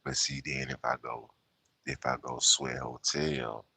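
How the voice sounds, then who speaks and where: A man doing an impression of a deep-voiced male soul singer, speaking in a slow, hushed, half-whispered croon. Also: sing-song, creaky, slightly rough, no echo, full character voice.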